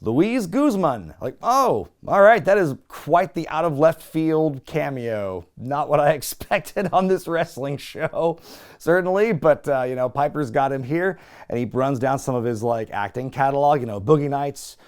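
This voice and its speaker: A young man hosting a casual wrestling recap, animated and sarcastic, laughing often. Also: on the high side, moderate pace, clean tone. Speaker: wrestling review host.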